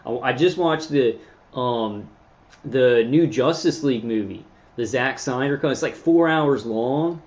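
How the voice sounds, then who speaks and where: A man of middle pitch talks casually to a livestream audience, circling back on his words with fillers and false starts. The sound is muffled and lo-fi, with the top end rolled off. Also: a little mellow. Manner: meandering, halting, many fillers and restarts. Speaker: channel host reading live chat. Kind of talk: rambling casual livestream talk.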